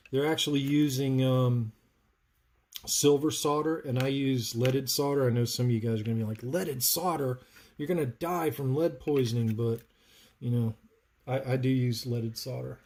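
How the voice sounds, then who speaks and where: With a medium-pitched, darkish voice, this North Carolina man hosts a live stream. He builds sabers and chats through a soldering tutorial, describing his work and responding to viewers.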